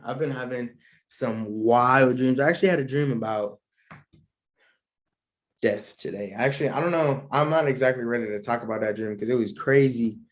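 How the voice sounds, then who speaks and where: A man's voice: medium pitch, moderate pace. A young man, hosting a solo podcast in a laid-back, rambling way and laughing often. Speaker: podcast host. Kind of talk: casual solo podcast chat.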